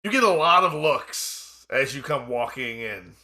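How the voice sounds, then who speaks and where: Male game master, bright ringing voice, measured narration between casual rules chat. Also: medium pitch, animated. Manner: measured storytelling narration mixed with casual table talk.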